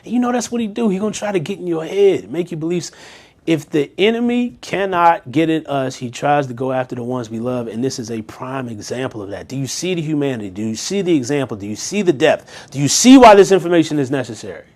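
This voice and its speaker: A man's voice: fairly high pitch, lively intonation, fast talker, a little mellow. A man leading a Bible study, reading scripture aloud and breaking off into casual, slangy commentary and pointed questions to his listeners. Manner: direct, rhetorical questions to listeners.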